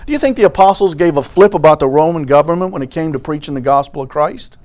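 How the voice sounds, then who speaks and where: A man's voice: fairly high pitch, animated, quick pace, darkish tone. A man preaching a sermon, folksy storytelling with fervent swells.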